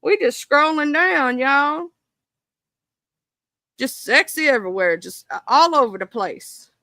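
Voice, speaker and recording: A woman with a bright, sharp voice chats casually on a live stream, reading a list and then firing off indignant asides. Her delivery sits a bit high, and the sound is close and dry, with no room around it. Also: lively intonation, measured pace, dry recording. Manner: reads a list aloud, then breaks into indignant swearing asides to her viewers.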